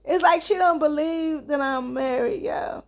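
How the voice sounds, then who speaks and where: Woman vlogger, young mom, high voice with vocal fry, chatty storyteller, talks to viewers directly. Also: measured pace, darkish tone. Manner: chatty, addresses viewers as y'all, acts out dialogue. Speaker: vlogger and mother. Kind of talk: casual storytelling to camera.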